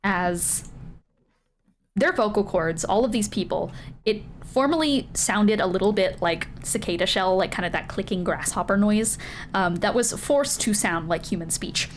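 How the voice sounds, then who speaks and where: Give me a woman running a tabletop game as game master, narrating in a medium-pitched voice. She laughs often and makes self-mocking asides. A faint hiss sits behind her. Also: normal speed.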